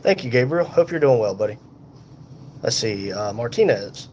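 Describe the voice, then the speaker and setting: A man in pain and tired, hosting a casual livestream from a hospital room on a phone, reading viewer comments aloud in an unhurried, folksy way. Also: mid-range voice, animated, darkish tone, slight background noise. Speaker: livestream host reading chat. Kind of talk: casual live chat.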